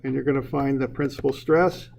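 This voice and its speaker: A man's voice: medium pitch, fairly even intonation, fairly quick, vocal fry, darkish tone, a little hiss or hum, low-quality recording. A man teaching an engineering class in an informal way, often repeating words and putting questions to the students. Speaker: engineering instructor. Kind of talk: classroom lecture.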